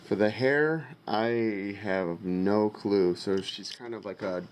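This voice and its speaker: A man narrating a casual vlog as a father, talking in a halting way as he thinks aloud. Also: on the low side. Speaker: father vlogger.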